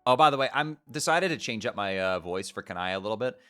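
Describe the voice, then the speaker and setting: Joking, lively young streamer guy. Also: fairly low pitch, fast. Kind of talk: casual chat during a reading stream.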